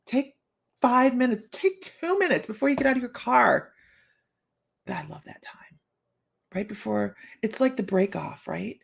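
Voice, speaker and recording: A woman in her fifties with a gravelly edge to her voice, hosting a live psychic reading stream. Her pitch swings up and down as she talks, playful and chatty, breaking into laughter and teasing her viewers as she goes. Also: wildly swooping pitch, normal speed, pauses often. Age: 50s.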